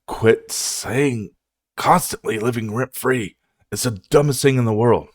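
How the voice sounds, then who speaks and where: A man's voice: medium pitch, unhurried, no room sound, clean studio sound. A man hosting a music reaction video, ranting in a casual, profane way.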